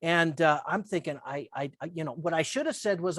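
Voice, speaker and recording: A man, a podcast guest, telling an animated anecdote and repeating words as he gets excited. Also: a little high, a little fast, no room sound, studio quality. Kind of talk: storytelling anecdote.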